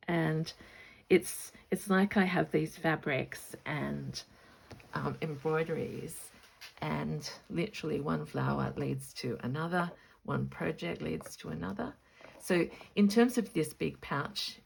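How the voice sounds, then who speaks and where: Woman, low voice, husky, excited rambling vlog chat. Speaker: stitching vlogger. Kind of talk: casual show-and-tell vlog.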